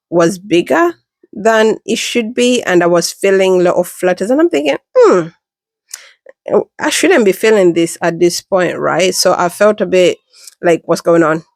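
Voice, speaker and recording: A woman in her thirties from the United Kingdom, a mother telling her pregnancy story in a casual, chatty way, jumping up in pitch when she quotes people. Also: no room sound, clean studio sound. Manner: chatty and animated, acts out quoted voices with pitch jumps.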